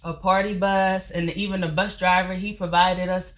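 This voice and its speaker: Chatty woman, slightly low voice. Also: level tone, normal speed. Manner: chatty, folksy, addresses viewers as y'all. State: out of breath. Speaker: life coach and company founder. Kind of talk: casual livestream chat.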